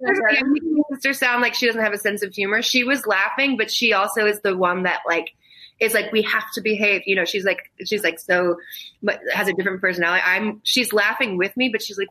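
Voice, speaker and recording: Bright-voiced rambling woman. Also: mid-range voice, quick pace, low-quality recording. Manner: rambling, self-interrupting, laughs through grief. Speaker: podcast guest. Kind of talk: casual chat.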